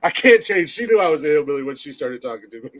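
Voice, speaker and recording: Man with a high-set voice, rambling storyteller, laughs through his lines, video call audio. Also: very animated, quick pace, crowd noise. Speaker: podcast co-host. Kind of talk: casual chat.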